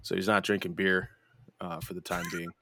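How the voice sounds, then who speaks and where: A man's voice: sits low, flat delivery, normal speed, gravelly, pushed and bright, a little hiss or hum. A young man hosting a podcast, telling a rambling, profane story with lots of laughter and restarts. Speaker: podcast host. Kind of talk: casual storytelling chat.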